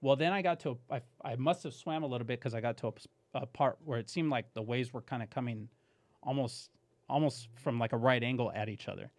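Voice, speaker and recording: A man guest on a podcast, telling a story in a casual, animated way, swearing and saying "dude" often. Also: medium pitch, brisk, no room sound.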